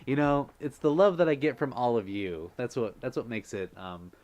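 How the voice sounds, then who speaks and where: A man's voice: mid-range voice, moderate pace, darkish tone. A man hosting a casual livestream, effusive and laughing often as he thanks viewers. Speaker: livestream host.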